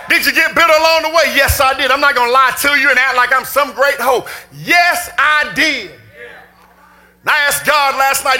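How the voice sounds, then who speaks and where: High-voiced, fiery shouting preacher man. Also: moderate pace, faint music behind. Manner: impassioned, often shouting, preaching cadence. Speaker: pastor. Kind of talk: sermon.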